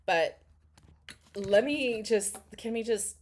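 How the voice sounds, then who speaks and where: A woman's voice: on the high side, slow pace, slight background noise. A woman in her thirties chatting casually while reacting to a video, blunt and sarcastic, swearing and laughing often. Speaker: commentary vlogger.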